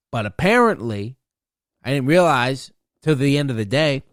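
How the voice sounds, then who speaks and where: A young man rants on his solo podcast, swearing freely and wandering from point to point with a boastful edge. His pitch jumps around animatedly. The recording is dry and close. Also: a bit bright, no echo. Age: young adult. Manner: profane, rambling, boastful. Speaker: podcast host. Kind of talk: rambling solo podcast rant.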